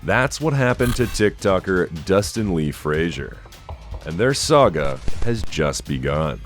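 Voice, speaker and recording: A man giving a scripted horror-list narration in a slow, ominous storytelling manner. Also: low-pitched, big pitch swings. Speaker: narrator of a countdown list video. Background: soft background music.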